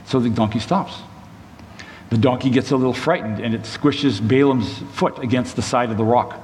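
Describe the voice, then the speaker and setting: A man preaches by retelling a Bible story in a loose, conversational way, breaking off for side notes to his listeners. His voice sits at an ordinary middle pitch. A long hall reverb and faint room noise surround every phrase. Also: moderate pace, darkish tone.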